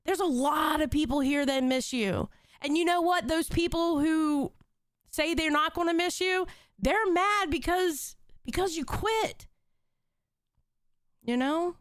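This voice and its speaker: High-voiced blunt woman streamer. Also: no room sound, clean studio sound. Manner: blunt, profane, emotional pleading. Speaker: stream co-host. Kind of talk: casual live-stream chat.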